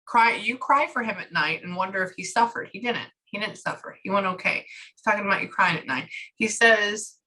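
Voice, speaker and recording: A woman giving a psychic reading, relaying a spirit's words in chatty, lively bursts. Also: mid-range voice, fairly quick, low-quality recording. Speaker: psychic medium.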